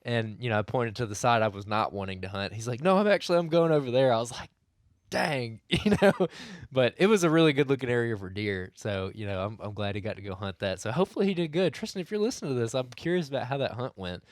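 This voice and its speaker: A man, co-hosting a podcast and telling a hunting story in a chatty, animated way. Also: medium pitch, fast talker, no echo, clean studio sound. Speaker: podcast co-host. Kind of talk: casual chat.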